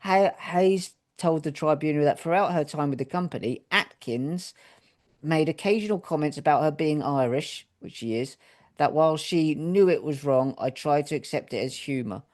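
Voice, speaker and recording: A man's voice: fairly high pitch, moderate pace, darkish tone. A man from Britain co-hosting a podcast, reading news stories aloud with jokey asides. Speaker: podcast co-host.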